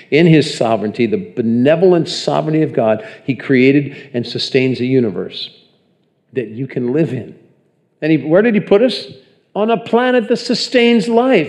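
A man's voice: on the high side, a little mellow. A man preaching a sermon in a conversational way, often putting questions to the congregation. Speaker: pastor.

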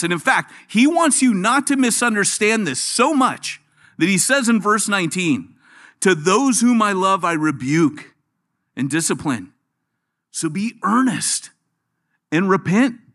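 A middle-aged man preaching a sermon, animated, dropping his voice low and soft when he quotes. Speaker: pastor.

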